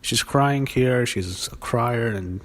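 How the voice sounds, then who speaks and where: A man's voice: medium pitch, slow. A young man giving a casual solo review of a wrestling show, blunt and profane, with many fillers and restarts.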